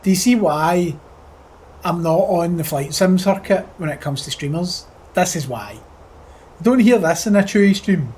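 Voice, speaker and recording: A man's voice: high voice, expressive, unhurried, a little mellow, slight background noise. A Scottish man chatting casually on a flight sim live stream, full of crude, profane joking banter with his chat. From Scotland.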